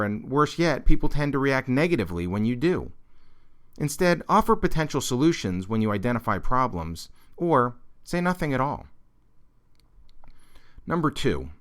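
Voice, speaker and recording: A male professor reads a prepared broadcast lesson at a middle pitch. His voice rises and falls widely, and he leans hard on key points in an earnest, measured manner. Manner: earnest, measured delivery with emphatic turns. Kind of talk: scripted instructional broadcast.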